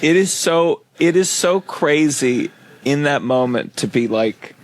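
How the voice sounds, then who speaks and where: A man's voice: on the high side, animated, measured pace. A man hosting a comedy podcast, chatting casually and teasing his guest in a wry way. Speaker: podcast host.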